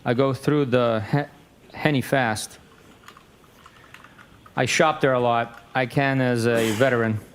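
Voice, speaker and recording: A man's voice: medium pitch, fairly even intonation, takes it slowly, pauses often, smooth. Man reading text messages aloud.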